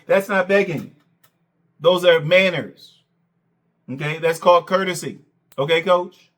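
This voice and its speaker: A man's voice: high-pitched, a little slow, pauses often, fairly bright tone. A man hosting a reaction commentary, sarcastic and mocking, who keeps repeating "okay" and "Coach.". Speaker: commentary channel host.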